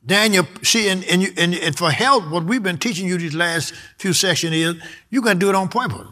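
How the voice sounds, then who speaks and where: A man's voice: sits high, fairly quick, pushed and bright. A man preaching a sermon, reading scripture aloud and repeating his key words with emphasis.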